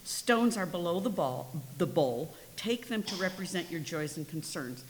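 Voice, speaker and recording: A woman worship leader calmly asks the congregation to come forward. Her voice is very low and plain. A long sanctuary reverb and a faint hiss surround it. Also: measured pace. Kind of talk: giving service instructions. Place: church sanctuary. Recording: echoey hall, faint hiss.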